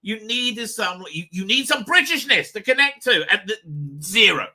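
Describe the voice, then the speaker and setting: A man hosting a live reaction review, rambling and profane, with stop-start sentences and sudden loud outbursts. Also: sits high, animated, normal speed. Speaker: show host and reviewer.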